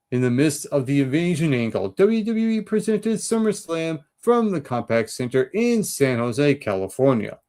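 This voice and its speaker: A man hosting his own show, reading through an on-this-day list of past events with quick asides. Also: mid-range voice, mellow. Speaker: host.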